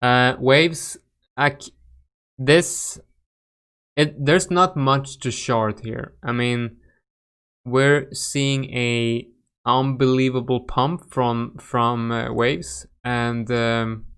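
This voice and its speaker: A man's voice: mid-range voice, fairly even intonation, extremely slow, fairly bright tone, smooth. Swedish man chatting through crypto charts. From Sweden. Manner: chatty, reacts to chat, frequent fillers and restarts. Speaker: crypto trading livestream host. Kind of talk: casual live chart analysis.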